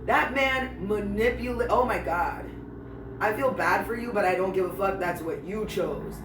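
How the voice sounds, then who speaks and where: A man's voice: high-pitched, normal speed, far from the mic, noisy background. A man hosting a podcast, telling a personal story in a blunt, profane way and speaking straight to his ex. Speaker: podcast host. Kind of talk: candid storytelling monologue. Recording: roomy, a little off-mic.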